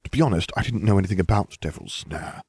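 A man's voice: low-pitched, expressive, fast, a little mellow, slightly rough, dry recording. A man reading a first-person story aloud with a dry, wry delivery. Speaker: reader.

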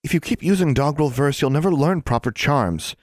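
A man's voice: a little high, sing-song, fast talker, no echo, clean studio sound, pitched above the performer's own voice. A man voicing an anxious, studious young schoolgirl who scolds her friend with worry. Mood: worried. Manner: worried, scolding.

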